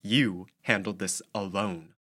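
Man voicing a cold calm girl, firm, no anger, slightly low and soft. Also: unhurried. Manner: flat and firm, without anger.

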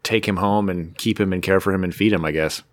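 A man's voice: low voice, steady tone, fast talker, dry recording. A man co-hosting a podcast, chatting casually in easygoing, agreeable banter. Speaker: podcast co-host. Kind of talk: casual chat.

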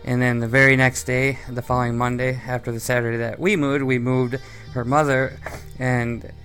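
Male co-host, loose rambling storyteller, middle pitch, faint music behind. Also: little pitch movement, moderate pace, a bit bright, clean tone. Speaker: podcast co-host. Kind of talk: casual podcast chat.

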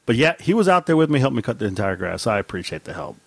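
Animated, profane man telling stories. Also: quick pace, gravelly, slightly rough, dry recording. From Mexican heritage. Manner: profane, laughing storyteller with big pitch swings. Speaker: podcast co-host. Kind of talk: casual chat, storytelling.

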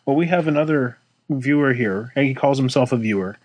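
A man of middle pitch co-hosts a casual podcast in an easygoing, teasing way, often trailing off and restarting. His voice sits close and dry on the mic, with no room sound around it. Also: moderate pace, a little mellow, dry recording, rough recording. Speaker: podcast co-host. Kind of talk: casual chat.

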